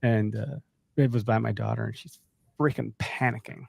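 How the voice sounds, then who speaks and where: A man hosting a podcast in casual chat, animated and acting out the voices of people he quotes. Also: medium pitch, normal speed, creaky, no echo, studio quality. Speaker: podcast host.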